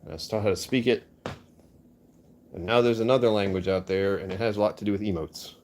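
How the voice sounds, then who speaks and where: A man with a fairly low, steady, slightly mellow voice talks fairly quickly over slight background noise. Chatting casually with his stream viewers, he answers the chat in a jokey way and pokes fun at himself.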